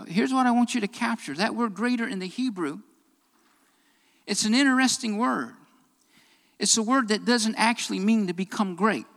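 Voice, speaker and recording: Preacher, emphatic sermon delivery, bright forceful tone, recorded with long reverb in a large hall. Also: mid-range voice. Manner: emphatic, builds to raised fervent passages; repeats phrases for emphasis.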